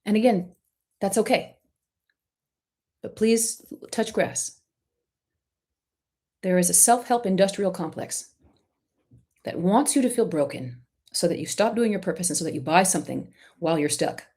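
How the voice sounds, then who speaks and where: A woman's voice: medium pitch, expressive, normal speed, pauses often, breathy edge. A woman hosting a live-stream Q&A, coaching artists in an emphatic, direct and encouraging way. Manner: warmly encouraging to the questioner.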